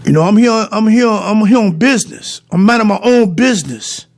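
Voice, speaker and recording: A man with a very high voice tells his viewers a personal story. He rambles, doubles back on his phrases and speaks to the audience directly. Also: brisk, a little mellow.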